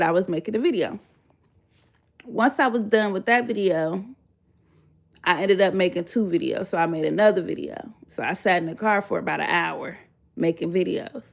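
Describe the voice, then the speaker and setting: A woman, a mother of three, telling a storytime vlog in a lively, profane way, her voice leaping high on exclamations. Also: normal speed, creaky. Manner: animated, profane, jumps high when exclaiming.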